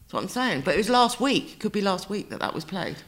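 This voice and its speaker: A woman, co-hosting a podcast in casual chat, talking in quick asides and laughing easily. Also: medium pitch, big pitch swings. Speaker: podcast co-host.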